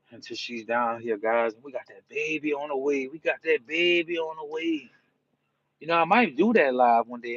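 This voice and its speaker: Speaking with a New Orleans accent, a livestreamer from New Orleans, Louisiana, chats casually with his viewers, laid-back and rambling, his talk peppered with "you know." His voice is mid-range and the audio sounds dull.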